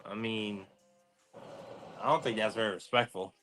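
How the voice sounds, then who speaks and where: A man co-hosting an online stream, answering jabs with deadpan, defensive comebacks. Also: lowish voice, moderate pace, faint music behind. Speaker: co-host. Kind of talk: casual trash-talk banter. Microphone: remote stream mic.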